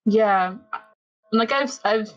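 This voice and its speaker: A woman on a podcast, casually recapping episodes and acting out the characters' lines in an animated way. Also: fairly high pitch, extremely slow, dull audio. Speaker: podcast co-host.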